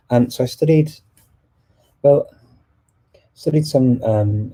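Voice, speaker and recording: A man's voice: medium pitch, vocal fry, warm tone, slightly rough. A man hosting a casual live stream, answering viewer questions with many fillers and restarts. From England. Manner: hesitant, many fillers and restarts while switching languages.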